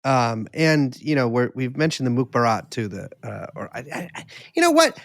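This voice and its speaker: A man's voice: mid-range voice, very animated, fairly quick, gravelly, no room sound, clean studio sound. A man hosting a podcast, thinking aloud in a rambling way with many restarts. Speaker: podcast host. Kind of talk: casual podcast conversation.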